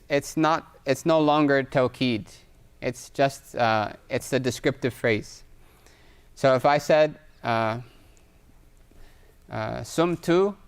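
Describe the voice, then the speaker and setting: In a live online class with Q&A, a man teaches Arabic grammar in a clean, mid-range voice. He explains step by step, reads Arabic phrases aloud, and constantly checks in with "right?"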